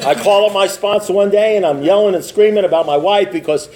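A man giving a humorous, rambling talk at a recovery meeting, repeating himself, often asking "you know what I mean", and dropping lower to quote his sponsor. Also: brisk, background noise.

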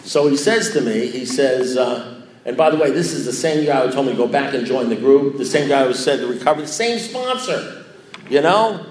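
A man's voice: mid-range voice, moderate pace, a little hiss or hum. Rambling man telling a story, echoey room. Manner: repetitive, self-mocking, acts out quoted lines. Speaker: speaker sharing a recovery story.

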